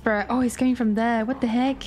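A woman streamer commenting on a horror game, excitable, giggling and shrieking when scared, with game sounds behind. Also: fairly high pitch, brisk, slight background noise. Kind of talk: live gaming commentary. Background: game music and sounds.

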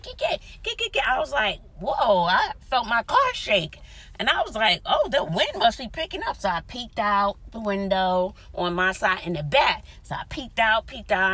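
Sitting in a parked car, a woman vlogger chats casually as she recounts a dramatic story with animated energy, often dropping into whispered asides. Her voice is medium in pitch, and the recording is dry.

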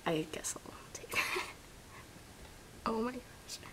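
A woman's voice: on the high side, expressive, slow pace, sharp tone. A young American woman doing a comedy sketch vlog, giggly and often half-whispering. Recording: noisy home camera recording.

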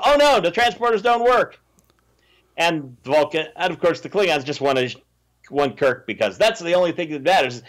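A man hosts a casual movie review chat, sarcastic and scornful of the plot. His voice sits high for a man. He keeps mocking the characters as he goes. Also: fairly bright tone. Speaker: podcast host.

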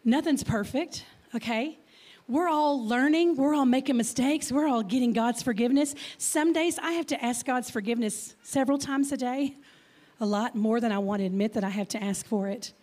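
A woman from Texas, in her fifties, delivers a conversational guest talk at church, often questioning the crowd and stuttering slightly. The voice is fairly high and a little mellow, moving at a moderate pace.

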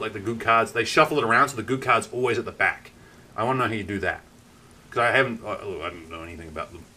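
Kiwi male streamer, crisp bright tone, animated storyteller who swears freely. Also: medium pitch. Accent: New Zealand. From New Zealand. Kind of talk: casual live-stream chat.

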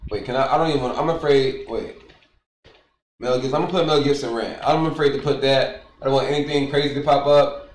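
A man streaming, reading texts aloud and commenting in an emphatic, animated way, often repeating his points. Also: medium pitch, fast talker, recorded from a distance. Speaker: streamer reacting to news. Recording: roomy, away from the mic.

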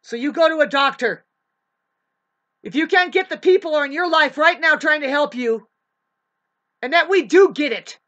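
A woman with a high, bright voice rants straight into the camera. She swears freely and preaches at her audience in a heated, lecturing way. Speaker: vlogger. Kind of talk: profane ranting monologue.

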